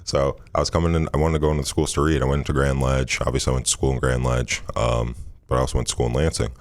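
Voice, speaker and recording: Super deep monotone guy, rambly interview talk, lots of ums, dry mic. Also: very fast, dry recording. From Michigan, USA. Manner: relaxed, rambling, frequent fillers and restarts. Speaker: interview guest, former basketball player. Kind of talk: casual storytelling interview.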